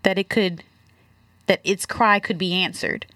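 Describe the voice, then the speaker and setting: A woman giving a reflective faith testimony, searching for words with many halting restarts. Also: mid-range voice, fairly even intonation, fairly bright tone, dry recording, clean studio sound. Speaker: guest.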